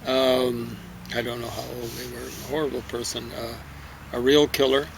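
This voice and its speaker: A man with a gravelly, creaky voice talks through a book review in a loose, rambling way, often tripping over names. He is recorded outdoors in a garden, with clear background noise and passing vehicles. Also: mid-range voice, little pitch movement, normal speed. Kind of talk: casual spoken book review.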